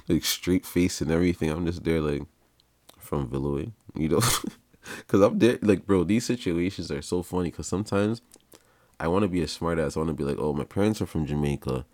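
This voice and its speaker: A man's voice: low voice, brisk, darkish tone, no room sound, clean studio sound. A young man, hosting a podcast and telling stories in a laid-back, slangy way, laughing as he goes. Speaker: podcast host. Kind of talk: casual storytelling.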